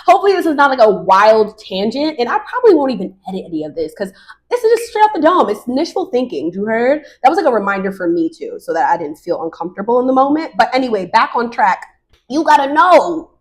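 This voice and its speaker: Animated woman podcasting off the cuff. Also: fairly high pitch, quick pace. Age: 30s. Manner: animated, laughing, slangy, off-the-cuff. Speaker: podcast host. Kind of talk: casual solo podcast monologue.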